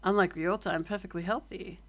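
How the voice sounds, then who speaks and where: A woman's voice: on the low side, steady tone, brisk, natural voice. An Australian woman reading a polite young schoolgirl from a game in a plain, matter-of-fact way, close to her own voice.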